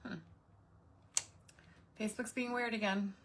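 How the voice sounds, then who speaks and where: A woman's voice: on the high side, fairly even intonation, measured pace, a bit bright, slight background noise. A woman, hosting a casual craft livestream and chatting with viewers, greeting them by name. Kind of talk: casual live craft stream chat.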